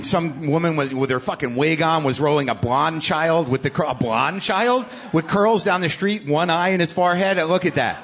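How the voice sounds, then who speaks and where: A middle-aged man hosting a live podcast, telling a profane, exasperated comic story in sudden loud bursts. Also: on the high side. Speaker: podcast host. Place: live stage show. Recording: live venue with faint noise.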